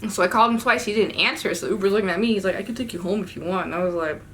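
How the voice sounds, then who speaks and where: A young woman telling a story in a casual storytime vlog, animated and slangy, with sudden swearing outbursts. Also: medium pitch, rapid-fire, a little hiss or hum. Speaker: vlogger.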